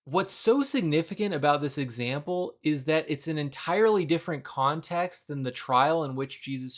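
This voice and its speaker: A young adult man giving a measured, scripted explainer narration about a Bible passage, now and then acting out quoted lines. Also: a little high, a bit bright. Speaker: Bible video presenter.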